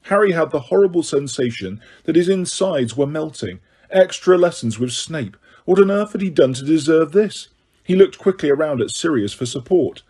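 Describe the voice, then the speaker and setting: A man narrating an audiobook in a steady, even storytelling voice. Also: on the high side, moderate pace, husky. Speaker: audiobook reader.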